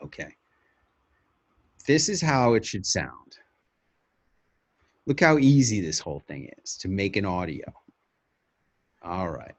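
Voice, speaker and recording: A man coaching someone through a pitch in a live webinar, brisk and demonstrative in a salesy way. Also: animated, no room sound.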